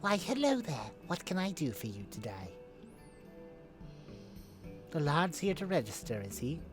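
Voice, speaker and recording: A man voicing a brisk, teasing woman who runs an adventurers' guild desk in a fantasy game. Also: on the high side, very animated, soft background music.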